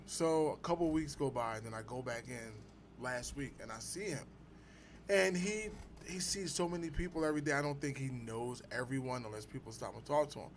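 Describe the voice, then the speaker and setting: A man's voice: mid-range voice, fairly quick, a little hiss or hum. A man on a podcast casually telling a personal anecdote, rambling and conversational.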